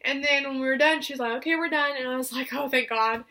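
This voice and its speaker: Bright high-voiced young woman storyteller. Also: quick pace. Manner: chatty, filler-heavy, acts out quoted voices. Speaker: vlogger. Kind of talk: casual storytelling to camera.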